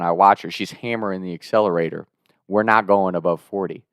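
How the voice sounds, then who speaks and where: A young man in his twenties telling a wild story in a casual, animated way, swearing and laughing as he goes. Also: sits low, fairly quick, smooth, no room sound, studio quality. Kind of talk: casual spoken anecdote.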